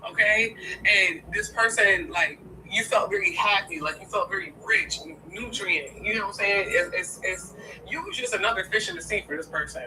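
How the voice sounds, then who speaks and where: A woman's voice: mid-range voice, normal speed. A woman giving a casual tarot reading to her viewers, blunt and profane, often asking "okay?". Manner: keeps checking in with "okay?". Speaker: tarot reader. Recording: distant mic with steady background noise.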